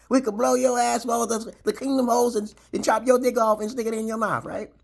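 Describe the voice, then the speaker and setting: A man's voice: very high-pitched, steady tone, moderate pace, vocal fry, pitched above the performer's own voice, exaggerated voice. A man voicing a drunk, armed backwoods white man who taunts and jeers in a story he tells on camera. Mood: jeering. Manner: taunting, jeering.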